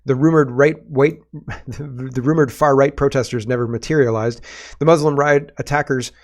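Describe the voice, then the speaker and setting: A man's voice: mid-range voice, steady tone, normal speed. Sardonic male political podcaster. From Canada. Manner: sardonic, emphatic, rhetorical questions. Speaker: political commentary host. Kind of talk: reading and reacting to posts on a podcast.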